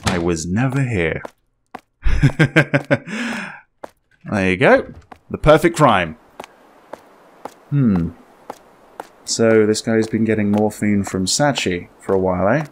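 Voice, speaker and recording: A man casually commenting as he plays a game, chatty and joking, reacting out loud to what happens. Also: lowish voice, big pitch swings, takes it slowly, pauses often, a little hiss or hum. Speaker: gaming YouTuber. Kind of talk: let's play commentary.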